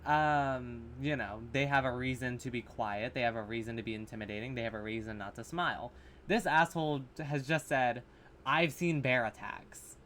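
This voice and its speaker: A man's voice: medium pitch, steady tone, brisk, fairly bright tone, a little hiss or hum. Man rambling through a horror review. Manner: rambling, filler-heavy, swearing, sarcastic. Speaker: horror reaction vlogger. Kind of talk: casual rambling commentary. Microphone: camera mic.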